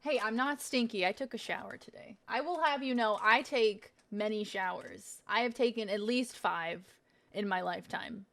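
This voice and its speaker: A woman's voice: medium pitch, normal speed, creaky, fairly bright tone. Chatty woman streamer tasting snacks. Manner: chatty and self-mocking, with frequent swearing. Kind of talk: casual chat while taste-testing snacks.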